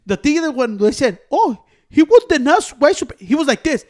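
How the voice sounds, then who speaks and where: Animated loud man, high lively voice. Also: quick pace. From Mexico. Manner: loud, animated, mixes in Spanish slang. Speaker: podcast co-host. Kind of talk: casual profane chat.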